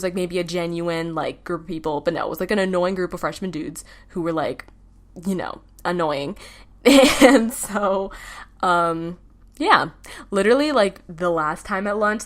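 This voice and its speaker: Chatty teenage girl podcaster rambling. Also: on the low side. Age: teens. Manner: rambling, heavy "like" fillers, laughs often. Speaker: podcast host. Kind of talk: casual solo chat. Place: home, with a baby babbling nearby.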